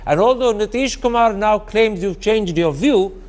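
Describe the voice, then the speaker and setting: A man's voice: high-pitched, moderate pace, a little mellow. A man moderates a televised political debate. He presses his guests with pointed, emphatic questions and cuts in to keep them on track. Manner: probing and emphatic, cuts in to steer the discussion.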